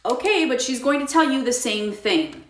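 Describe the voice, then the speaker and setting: A woman playing a calm, polite but firm female cashier. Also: on the high side, normal speed, roomy sound. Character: weary patient female store cashier.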